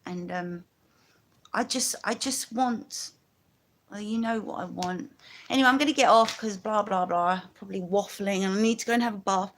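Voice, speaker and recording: A woman's voice: medium pitch, normal speed, a little hiss or hum. A woman from London with a London accent, talking in a rambling, chatty way on a casual live stream, full of asides.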